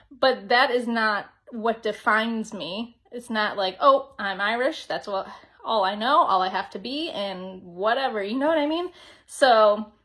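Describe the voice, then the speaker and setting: A young woman talks through a spiritual lesson on her podcast in a relaxed, rambling way, with lots of "like" and "you know." Her voice sits a little on the high side. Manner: chatty, meandering, lots of fillers and "like". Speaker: podcast host. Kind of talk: casual spiritual teaching monologue.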